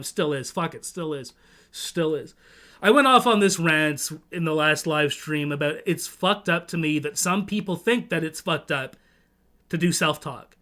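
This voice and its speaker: A Toronto man hosting a livestream rambles casually, swearing a lot and restarting his sentences. His voice sits on the high side and is a bit bright.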